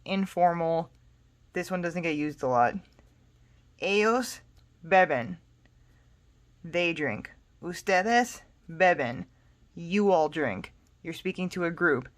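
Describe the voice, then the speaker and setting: Slow, patient woman tutoring. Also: on the low side. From United States. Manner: patient, explains step by step with fillers. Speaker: Spanish tutor. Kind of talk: casual spoken lesson.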